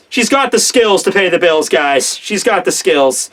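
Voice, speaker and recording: Excitable high-voiced young man reviewing. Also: a little slow, hardly any pauses. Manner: excitable, profane, acts out characters' lines. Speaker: manga reviewer. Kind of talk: casual chapter review.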